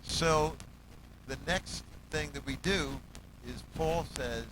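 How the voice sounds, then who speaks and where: A male musical director tells stories in a loose interview. He jumps into different voices for the people in them and counts out beats. There is clear background noise in the recording. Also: takes it slowly. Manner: animated, acts out quotes, hums bass lines and counts beats. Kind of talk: casual storytelling interview.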